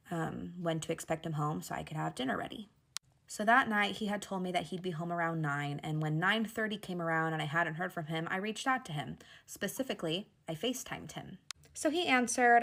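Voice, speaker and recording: A young woman narrating a personal story in a confiding, emotional way, often dropping to a hushed voice. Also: fairly low pitch, vocal fry.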